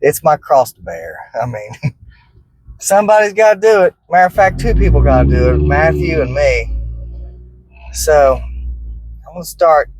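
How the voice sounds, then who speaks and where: A man's voice: on the high side, expressive, a little slow, pauses often, darkish tone, low-quality recording. A man hosting his barbecue cooking channel, chatting casually and joking at his own expense while riding in a car. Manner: easygoing, joking, self-deprecating. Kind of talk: casual vlog chat. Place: inside a car.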